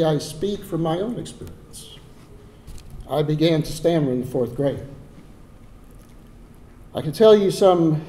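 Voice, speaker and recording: An older man with a Texan drawl delivers an earnest ceremonial speech at a podium. His voice sits a bit high for a man yet sounds mellow and warm, and he now and then repeats a word before carrying on. Faint noise hangs behind him. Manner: heartfelt, earnest, with occasional repeated words and restarts. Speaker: donor giving a dedication speech. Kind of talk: ceremonial speech from prepared remarks. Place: ceremony hall.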